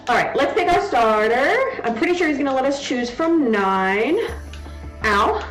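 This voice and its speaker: A woman's voice: high-pitched, animated, moderate pace, fairly bright tone. A young adult woman streaming a game from home, chatting casually and cooing baby talk to her daughter on her lap. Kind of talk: casual live-stream chat. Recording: echoey room with background music.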